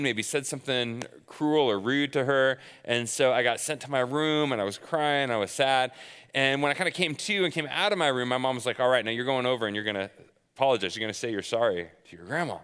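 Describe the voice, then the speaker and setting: A man's voice: medium pitch, a bit bright, clean tone. Man preaching in a reverberant hall. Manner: conversational storytelling with self-deprecating humor. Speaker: pastor. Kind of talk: sermon.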